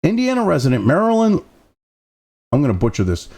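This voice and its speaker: A man's voice: on the high side, very animated, a little fast, vocal fry, darkish tone. A man hosting a commentary show, reading news excerpts and breaking off into profane, sarcastic, exasperated rants with mocking asides. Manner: mocking asides between read-out passages.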